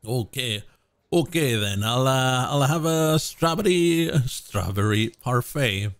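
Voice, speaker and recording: A man voicing a shy teenage girl who orders food in a hesitant, halting way. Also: fairly low pitch, fairly even intonation, creaky, no room sound.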